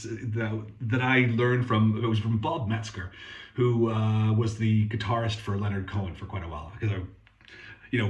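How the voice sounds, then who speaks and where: A man with a fairly low-pitched voice and roomy sound hosts a guitar workshop channel, where he works as a guitar technician. His demo is a casual rant, sweary, sarcastic and rambling.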